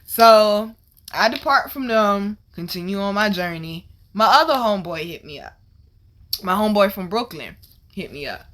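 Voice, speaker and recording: Bright-voiced woman telling a story. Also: medium pitch, moderate pace. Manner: animated, profane, slangy retelling. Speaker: vlog host. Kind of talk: casual storytelling.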